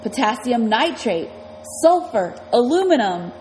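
A woman doing a shrill, brainy little boy. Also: big pitch swings, measured pace, darkish tone, long reverb tail, a little hiss or hum. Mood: excited. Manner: shrill, whooping and eager. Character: small excitable brainy boy.

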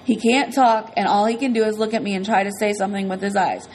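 Lady reading an audiobook as a kid, earnest and chatty, middle pitch. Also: fast, darkish tone, slight background noise, low-quality recording. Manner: earnest, conversational storytelling. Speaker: audiobook narrator. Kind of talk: first-person audiobook narration.

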